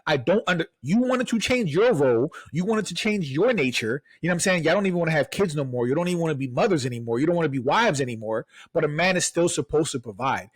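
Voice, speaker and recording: Guy on a podcast mic, kinda high voice, dead dry sound, keeps hammering his point w rhetorical questions. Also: expressive, fast, few pauses, husky, no echo. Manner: emphatic, repeats phrases, rhetorical questions. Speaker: podcast co-host. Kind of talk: casual podcast debate.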